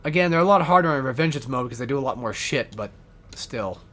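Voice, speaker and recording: A man's voice: medium pitch, expressive, fast, fairly bright tone. A man giving rambling, casual gameplay commentary as a let's player, swearing often and correcting himself as he goes. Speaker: let's play gamer.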